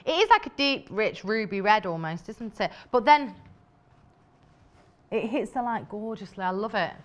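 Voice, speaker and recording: On a live shopping channel, a British woman gives a sales presentation about fabrics, her voice at an ordinary middle pitch with big swings up and down. She keeps a moderate pace and chats enthusiastically, full of fillers and asides.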